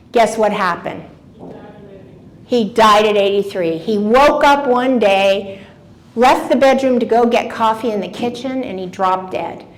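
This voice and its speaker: A woman in her seventies addresses a live audience in an event room, her voice sitting a touch high for a woman. She talks in a lively, engaging way, throwing questions at the crowd and answering them herself. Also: a little slow, slight background noise. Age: 70s. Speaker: motivational speaker.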